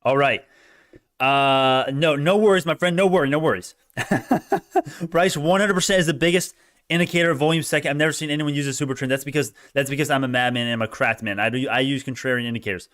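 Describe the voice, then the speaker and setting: Fast-talking excitable male stock streamer. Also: mid-range voice. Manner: excitable, swings between mumbling asides and loud cheering; argues back at chat comments, laughs often. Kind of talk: live stock commentary, chatting with viewers.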